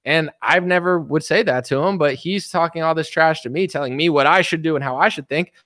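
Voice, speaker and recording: A man's voice: on the high side, a little fast, fairly bright tone, dry recording, studio quality. Exasperated man in his thirties ranting. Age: 30s. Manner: exasperated ranting, mocking others in put-on voices. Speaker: political commentator. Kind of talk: casual monologue.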